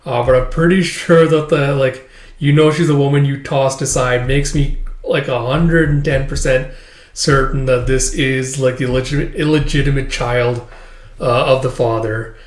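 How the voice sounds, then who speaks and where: A man casually reading through a comic chapter and rambling with plenty of fillers. His voice sits at a middle pitch, and the room around him is echoey. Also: fairly even intonation, moderate pace. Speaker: host. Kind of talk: casual chapter read-along.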